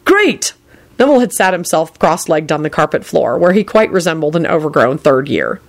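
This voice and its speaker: A woman narrating a story aloud in an expressive storytelling manner. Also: deep voice, fairly quick.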